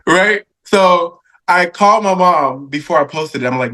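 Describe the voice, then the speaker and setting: A man in his thirties who talks in an easy, animated way as a guest on a podcast. His voice sits on the high side for a man. He laughs often and acts out the lines of people in his stories. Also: normal speed. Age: 30s. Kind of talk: casual storytelling interview.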